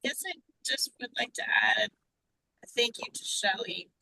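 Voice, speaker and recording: A woman on a group video call, speaking in a heartfelt, halting way that often drops to a whisper. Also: on the high side, gravelly, bright, forceful tone, no room sound, poor audio. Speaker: group participant.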